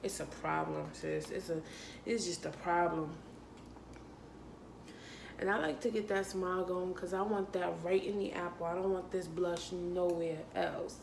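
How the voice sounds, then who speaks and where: A young woman makeup artist walks her viewers through a casual makeup tutorial in a sassy, playful way, laughing and calling them honey. She speaks at an unhurried pace. The room around her rings with echo, and a faint hum of ambience sits behind her. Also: lowish voice, fairly even intonation, vocal fry. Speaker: makeup artist and beauty vlogger. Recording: echoey room.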